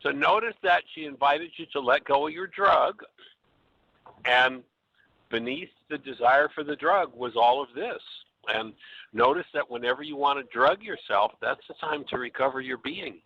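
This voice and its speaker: A man hosting a radio call-in show, calmly coaching a caller through his feelings. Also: mid-range voice, moderate pace, no room sound. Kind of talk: calm guiding talk on a call-in show. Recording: slightly dull audio with faint hiss.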